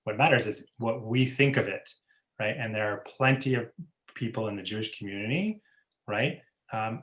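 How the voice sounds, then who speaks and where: Male rabbi teacher, lowish voice, measured, filler-heavy, tags with "right?", video-call audio. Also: a bit bright. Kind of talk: teaching an online class.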